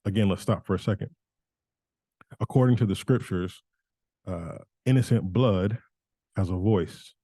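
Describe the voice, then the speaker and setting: A man's voice: deep voice, unhurried, pauses often, dark tone, no room sound. A man giving an informal Bible teaching in a conversational way, often restarting and correcting himself.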